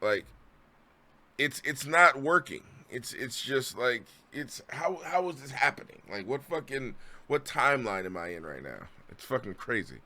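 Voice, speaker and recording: A man's voice: medium pitch, very animated, normal speed, sharp tone. A man streaming his reactions to a video, ranting profanely and sounding exasperated. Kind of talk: live stream commentary.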